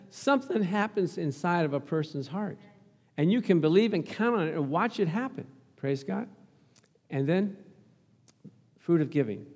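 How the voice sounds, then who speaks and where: A man's voice: a little high, a little mellow, long reverb tail. A middle-aged male pastor preaching a sermon, telling a family story and calling out for amens. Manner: storytelling, acts out quoted voices, calls for amens.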